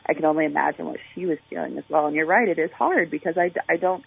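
A fast-talking woman with a low, husky voice and vocal fry, she is an Olympic track and field athlete giving a phone interview. Her chatty delivery is full of fillers and restarts, heard through a tinny phone line.

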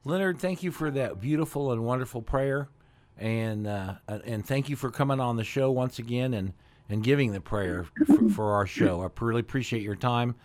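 A man's voice: mid-range voice, moderate pace, a little mellow, dry recording. A man hosting a community radio talk show in an easygoing, casual way. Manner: easygoing, with fillers and restarts.

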